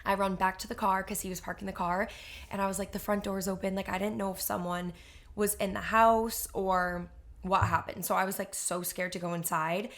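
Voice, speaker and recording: Telling stories on a podcast she co-hosts, this young woman is animated and casual, with lots of "like" fillers. She talks fairly quickly in a mid-range voice.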